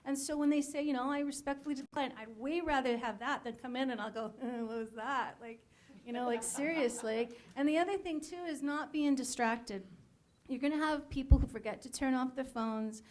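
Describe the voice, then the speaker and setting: Blunt high-voiced woman casting director. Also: moderate pace, darkish tone. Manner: blunt, frank advice with laughs. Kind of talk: panel talk to actors.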